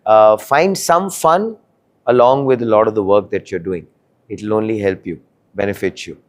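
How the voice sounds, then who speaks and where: Filler-heavy male show host. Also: fairly low pitch. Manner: filler-heavy, drawn-out questions. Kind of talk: interview hosting.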